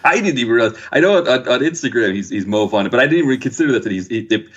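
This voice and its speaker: Husky guy guesting on a podcast, pitch all over the place, keeps restarting, dull lo-fi sound. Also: animated, a bit bright. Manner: halting, stumbling restarts. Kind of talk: casual chat. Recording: dull lo-fi audio.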